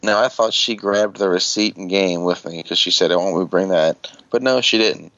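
A man's voice: deep voice, moderate pace, fairly bright tone, dry recording, muffled recording. A man on an online call telling a rambling, casual story, swearing offhand and acting out what people said.

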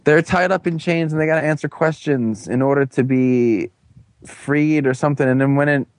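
A man's voice: fairly high pitch, dry recording. Rambling man recapping with silly voices. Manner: rambling, jokey, acts out characters in quick quoted voices. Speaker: podcast co-host. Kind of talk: casual podcast chat recapping episodes.

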